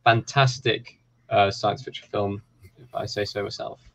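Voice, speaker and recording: A man hosting a film quiz, reading questions and answers with relaxed, chatty asides. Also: fairly low pitch, moderate pace, highs cut off. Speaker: quiz host.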